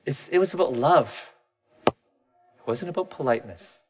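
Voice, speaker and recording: A man's voice: medium pitch, expressive, unhurried, noisy background. A man in his thirties giving a candid, self-deprecating personal talk, often restarting his sentences.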